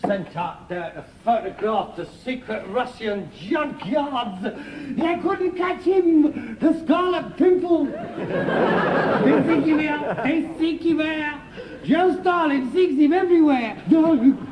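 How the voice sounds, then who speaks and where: A mocking, dreamy son. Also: male voice, sits high, lively intonation, slow pace, hardly any pauses, dull audio, a crowd in the background. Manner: wheedling, mocking and daydreaming. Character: ambitious, scornful working-class son, middle-aged. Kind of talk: 1960s-70s TV sitcom acting. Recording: faintly hissy archive TV recording, far laughter.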